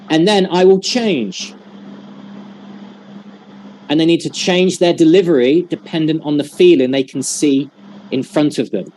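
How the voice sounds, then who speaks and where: A man with a fairly high voice runs a teacher-training session over a video call. He explains step by step and acts out short examples for his audience. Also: unhurried, a little mellow, slight background noise. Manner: explanatory, demonstrative, uses examples. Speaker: workshop trainer.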